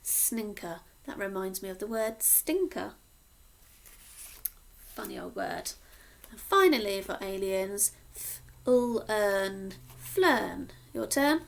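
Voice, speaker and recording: A woman teacher from Cornwall slowly sounding out words in a sing-song phonics lesson for young children. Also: medium pitch, lively intonation, creaky. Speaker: primary school teacher.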